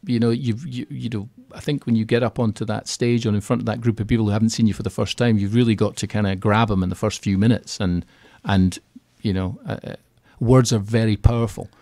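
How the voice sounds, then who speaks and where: A man talking as a guest in a radio interview, chatty and animated, acting out little quotes as he goes. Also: fairly low pitch, brisk, creaky, hardly any pauses, no room sound. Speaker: radio guest, keynote speaker on property finance. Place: radio studio.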